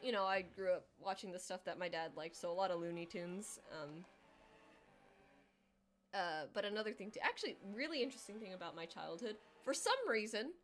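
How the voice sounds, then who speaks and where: A woman's voice: medium pitch, a little fast, a little hiss or hum. Rambling young woman streamer, self-deprecating. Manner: rambling and self-deprecating, heavy filler words; acts out quoted voices in exaggerated tones. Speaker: livestreamer. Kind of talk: casual chat while drawing on stream.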